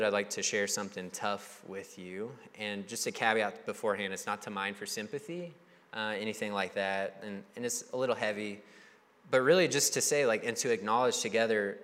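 A young man preaching a sermon as a pastor, talking in a conversational, animated way and acting out the voices he quotes. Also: on the low side. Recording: long hall reverb.

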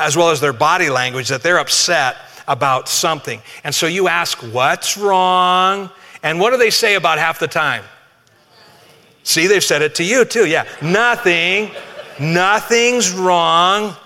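A man preaches in a bright, fairly high voice, talking to his congregation in a relaxed way with some humor. His words ring out under the long reverb of a church hall. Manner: conversational, humorous, addresses congregation directly. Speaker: pastor. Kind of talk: sermon.

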